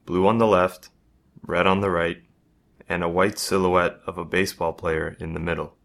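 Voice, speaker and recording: A man narrating a first-person story in a measured, even reading. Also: low-pitched, vocal fry.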